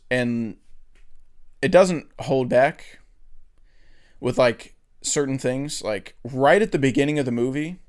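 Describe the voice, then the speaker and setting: A man's voice: mid-range voice, darkish tone. A young man chatting loosely on a movie podcast, with lots of swearing and filler words. He breaks into laughter while retelling scenes and keeps an easygoing, rambling flow. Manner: loose and profane, laughs often at his own retellings. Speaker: podcast co-host. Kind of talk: casual chat.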